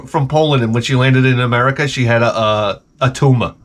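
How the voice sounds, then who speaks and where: A man's voice: mid-range voice, brisk. A man in his forties with a sarcastic, self-mocking manner, rambling through a comic story outdoors by his shed. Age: 40s. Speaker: vlogger. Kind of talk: rambling comedic monologue.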